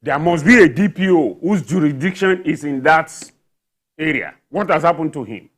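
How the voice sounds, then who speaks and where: A man's voice: a little high, lively intonation, moderate pace. A man on a television panel, talking with indignation and firing off rhetorical questions. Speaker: journalist panelist. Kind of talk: studio panel discussion. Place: television studio.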